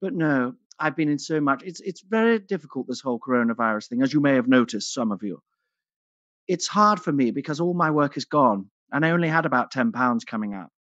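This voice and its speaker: A man's voice: medium pitch, expressive, a little fast, a bit bright, no room sound, muffled recording, close to an everyday voice. A man playing a vain, theatrical aging actress. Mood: theatrical, grandiose. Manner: grand luvvie manner, calls everyone darling. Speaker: character comedian. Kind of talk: online stand-up character act.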